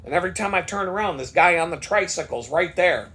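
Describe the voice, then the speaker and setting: A man's voice: high-pitched, animated, fast talker, pushed and bright, husky. A man vlogger telling a story in a casual monologue, worked up and swearing freely.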